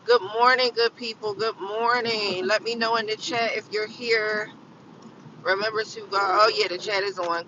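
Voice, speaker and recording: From the car on her commute, a woman in her fifties live-streams casual chat, tired and yawning, repeating the same phrases over and over. She has a bright, forceful mid-range voice, recorded far from the mic with lo-fi sound and a little hiss or hum.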